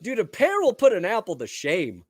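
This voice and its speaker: Male co-host, dry ribbing delivery, very animated pitch, no room sound. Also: moderate pace, husky, dry recording. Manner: dry teasing, slangy. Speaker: podcast co-host. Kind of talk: casual sports podcast banter.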